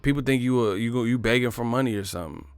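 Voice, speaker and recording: Man, comic storyteller, profane, rambling, gravelly, dry recording. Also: medium pitch, rapid-fire, dry recording. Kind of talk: casual comedic storytelling monologue.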